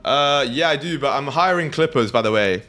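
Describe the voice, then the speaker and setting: A man's voice: mid-range voice, lively intonation, normal speed, bright, forceful tone. Casual British man streaming trades. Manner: banters with chat, swears freely, laughs often. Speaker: livestream trading host. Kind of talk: casual livestream chat with viewers.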